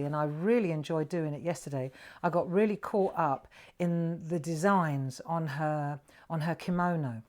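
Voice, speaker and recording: A woman's voice: lowish voice, darkish tone. Chatty encouraging British woman. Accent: British English. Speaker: craft presenter. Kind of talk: live online drawing tutorial.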